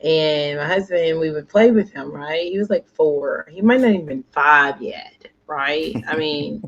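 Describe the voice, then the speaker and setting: A woman's voice: low voice, unhurried, muffled recording. A woman co-hosting a casual chat, telling rambling stories with many fillers. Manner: rambling storyteller, many fillers, laughs often. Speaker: co-host.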